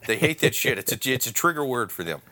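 A man's voice: medium pitch, very animated, fast, sharp tone. A man co-hosting a comedy podcast from home, bantering casually with crude, profane jokes. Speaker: podcast co-host and stand-up comedian.

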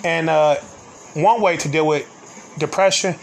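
A man's voice: a little high, fairly even intonation, unhurried, slight background noise. A young man hosting a podcast, telling a personal story in an earnest, confiding way and often addressing listeners directly. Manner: earnest, confiding, peppers talk with "man" and "y'all". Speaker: podcast host.

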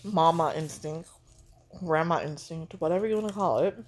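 A woman's voice: low-pitched, normal speed, darkish tone, slight background noise. A middle-aged woman chatting casually, a gushing grandmother with lots of fillers. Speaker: vlog co-host, grandmother. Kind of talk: casual breakfast chat.

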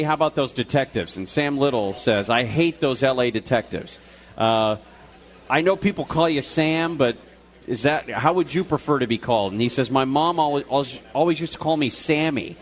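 A male radio co-host talking live from a restaurant, retelling a news story in a loose, conversational way with fillers and restarts. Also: mid-range voice.

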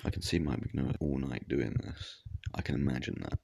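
Very deep gravelly man. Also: a little fast, a little mellow. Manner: rambling, swears casually, many restarts. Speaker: reaction vlogger. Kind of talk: casual reaction commentary.

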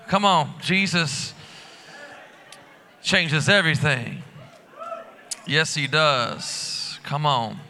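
A man's voice: fairly high pitch, slow, pauses often, sharp tone. A man preaching a live church sermon as lead pastor, talking casually and with energy, full of fillers and restarts, in a large church auditorium. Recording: long hall reverb.

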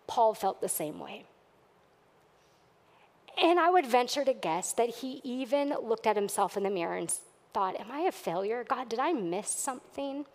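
A woman's voice: a little high, lively intonation, unhurried, pauses often, long reverb tail. A woman pastor preaching a sermon to her church, earnest and at times emphatic. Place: church sanctuary.

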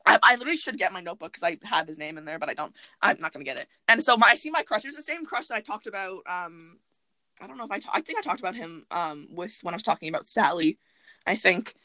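Fast-talking, bright young woman. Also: lowish voice, no room sound. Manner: animated, profane storytelling with acted-out quotes. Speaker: podcast host. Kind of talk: casual chat.

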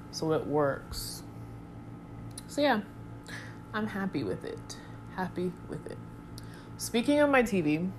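A woman's voice: low voice, slight background noise. A young woman chatting casually to her viewers, rambling with goofy asides. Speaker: vlogger. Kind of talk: casual chat to camera.

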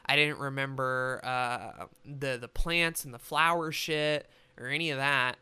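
A man's voice: mid-range voice, unhurried, pushed and bright, clear, resonant tone. A young man giving a rambling, casual movie review, swearing freely and talking with animation. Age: young adult.

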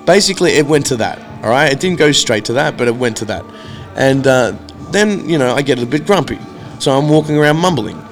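A man with a gravelly, rough-edged voice tells a casual travel story, swearing freely and acting out both sides of each argument. His pitch sits in an ordinary middle range. Faint music plays quietly behind him. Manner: animated, swearing, acts out quoted exchanges. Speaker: traveler staying at a hostel.

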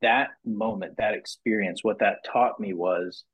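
A man with a husky, somewhat low voice talks on a podcast, recorded in slightly muffled sound. He tells stories casually and with energy, stumbling over his restarts and leaning on "you know". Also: measured pace. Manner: animated storyteller, many restarts and "you know"s, rises high acting out quotes. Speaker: podcast guest, business owner. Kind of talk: casual storytelling interview.

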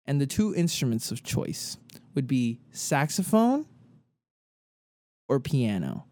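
A man's voice: mid-range voice, sing-song, slow, darkish tone, no echo. A man co-hosting a podcast in casual banter, rambling through fillers and playful asides. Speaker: podcast co-host.

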